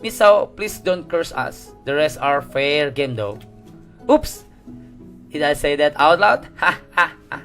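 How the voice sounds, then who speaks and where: A man's voice: on the high side, animated, measured pace, few pauses, fairly bright tone, faint music behind. A man voicing a mean teenage girl who leads the bullies, snide and mocking, with an Indonesian accent.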